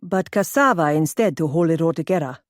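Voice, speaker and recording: A woman voicing a composed island woman at a buffet, speaking calmly and politely. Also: deep voice, brisk, no room sound, clean studio sound.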